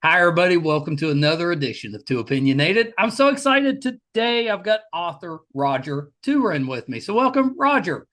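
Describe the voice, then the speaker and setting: A man's voice: on the high side, sing-song, a little fast, few pauses, a bit bright. A man with a West Virginia accent hosting a podcast interview, enthusiastic and friendly. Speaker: podcast host. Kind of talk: casual interview.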